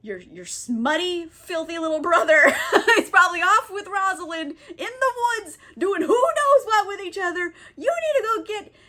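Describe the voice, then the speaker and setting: A woman's voice: medium pitch, huge pitch swings, unhurried, few pauses, bright, forceful tone, voice pushed down, full character voice. A woman voicing a blustering, angry male duke in a comedic book recap, ranting and breaking into giggles.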